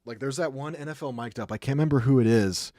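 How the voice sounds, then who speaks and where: A young man chats his way through hockey replays as a streamer, loose and rambling, full of "like" and "um". His voice sits at an ordinary middle pitch. The sound is dry and close, with no room echo. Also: fast talker, warm tone. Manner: chatty, rambling, acts out sounds, many fillers. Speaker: streamer breaking down hockey clips. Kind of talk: casual commentary.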